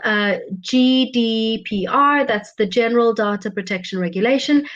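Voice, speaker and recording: A woman's voice: mid-range voice, dull audio. Earnest woman presenting a teaching webinar. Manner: earnest, explanatory, stresses key words. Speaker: online teaching trainer. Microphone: webinar microphone.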